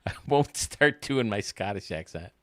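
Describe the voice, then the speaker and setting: A man's voice: fairly low pitch, lively intonation, a little slow, a bit bright, no echo. A man streaming a baseball game, rambling and joking casually with his chat. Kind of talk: casual chat while playing.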